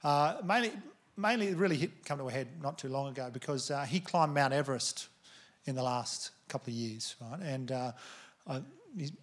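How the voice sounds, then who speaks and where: A man in his thirties with an Australian accent, doing stand-up comedy with crude, exasperated rants and loud outbursts. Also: medium pitch, animated, moderate pace. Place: theatre stage before a laughing audience. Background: audience laughter.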